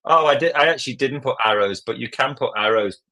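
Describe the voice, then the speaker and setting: A man hosting a live software lesson, walking through steps in a chatty, joking way. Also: medium pitch, fast talker. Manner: chatty, jokey, step-by-step. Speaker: tutorial host.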